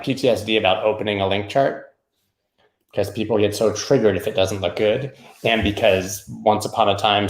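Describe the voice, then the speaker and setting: Gravelly, roomy-sounding male market host. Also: lowish voice. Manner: rambling, irreverent, jokey asides. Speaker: crypto market show host. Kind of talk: casual live chart analysis.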